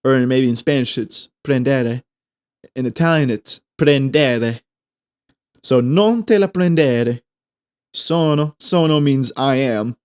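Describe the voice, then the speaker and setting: A man's voice: medium pitch, darkish tone. A young man hosting a solo podcast, chatting casually in a playful, rambling way that often trips over its own words. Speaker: podcast host.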